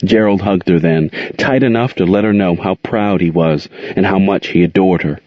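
A man with a very deep voice reads a story aloud at a steady, even pace. The recording is dry with a slightly dull, lo-fi sound. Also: moderate pace, dry recording. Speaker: narrator.

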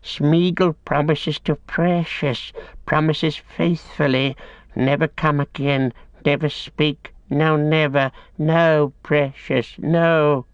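A man voicing a wretched, cringing creature that whines and wheedles, stretching words slowly and leaping up high. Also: steady tone, no room sound. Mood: pleading. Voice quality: whining, wheedling, breathy-far timbre. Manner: drawn-out slow words with sudden high jumps. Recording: dry, slightly dull audiobook recording.

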